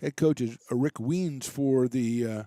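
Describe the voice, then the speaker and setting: A man doing relaxed, chatty play-by-play commentary for a college baseball game, with self-deprecating asides. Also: medium pitch, measured pace, no room sound. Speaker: play-by-play announcer.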